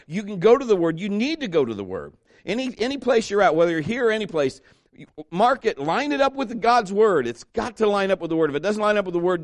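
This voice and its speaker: A middle-aged male pastor preaching a conversational sermon, joking and slowing down to stress scripture. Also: sits high, dry recording, clean studio sound.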